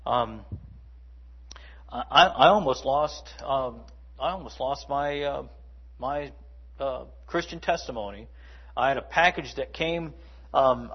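A man's voice: mid-range voice, slightly rough, muffled recording. A man preaching a sermon in a conversational way, with asides and playful mimicry. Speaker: pastor.

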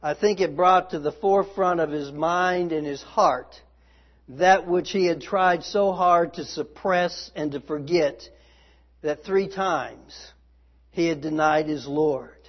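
A man delivering a sermon in a high, unhurried voice, earnest and emphatic. He leans into the quoted lines with feeling. The sound is a bit dull and lo-fi. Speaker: preacher.

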